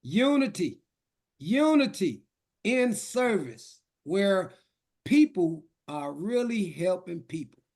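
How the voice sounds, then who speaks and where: A man's voice: high-pitched, animated, slow, gravelly, a little mellow. A man attending a virtual workshop who eagerly chimes in to share his experience. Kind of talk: casual chat. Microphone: virtual workshop call.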